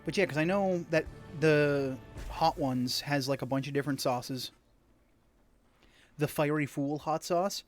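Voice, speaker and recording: Higher-pitched guy streaming a game, reads the text out, rambles and chats with viewers between lines. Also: unhurried, faint music behind. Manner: chatty, rambling asides to viewers. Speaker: gaming streamer. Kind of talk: casual let's-play, reading game text aloud.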